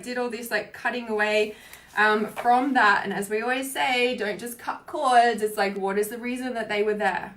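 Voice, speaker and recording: A woman's voice: a little high, a bit bright. A woman who is a spiritual coach, talking casually on a livestream in a rambling way, with many fillers and free swearing.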